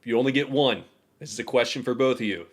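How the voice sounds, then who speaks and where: A man's voice: mid-range voice, fast talker. A man co-hosting a podcast in casual chat, telling a story animatedly and teasing his friend. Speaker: podcast co-host.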